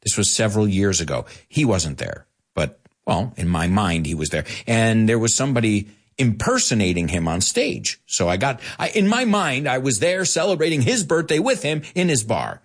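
A middle-aged man hosts a casual bilingual radio-style show teaching English, explaining words with Spanish glosses. His lowish voice is very animated, moving at normal speed with hardly any pauses, and he's playful, laughing often.

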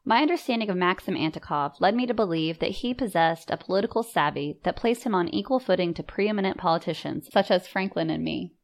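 Low-voiced woman narrating first-person. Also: brisk, few pauses. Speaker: audiobook narrator.

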